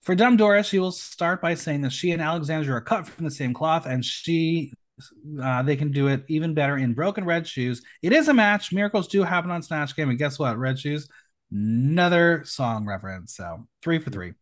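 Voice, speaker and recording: A man's voice: a little high, lively intonation, moderate pace. A man hosting a recap podcast, reading out the episode with playful asides. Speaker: podcast host. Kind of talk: reality show recap podcast.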